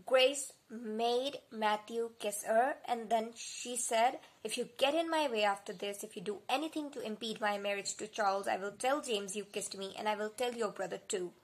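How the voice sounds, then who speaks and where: A young woman in a reading vlog, reading quotes aloud and reacting with animated, gushing enthusiasm. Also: on the high side, normal speed, hardly any pauses. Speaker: book vlogger. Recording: soft music bed behind the voice.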